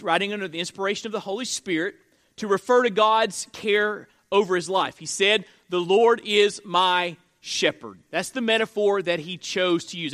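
A pastor in his forties delivers an earnest sermon in a high, bright voice. He circles back to repeat key phrases and restarts sentences as he goes. His tone stays close and sincere, like teaching a congregation.

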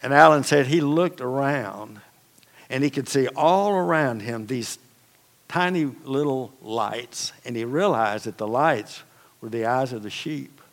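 A man's voice: medium pitch, a little slow. A man preaching a sermon as pastor, telling stories in a conversational, folksy way with casual asides. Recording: long reverb of a large hall.

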